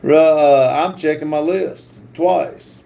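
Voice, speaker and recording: A man hosting a livestream, reading viewer comments aloud with halting pauses and fillers. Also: a little high, gravelly, dark tone. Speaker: livestream host.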